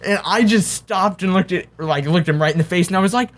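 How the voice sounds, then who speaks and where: Animated young man telling a story. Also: high-pitched, fairly quick. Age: young adult. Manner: animated storyteller, acts out quotes. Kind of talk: casual chat.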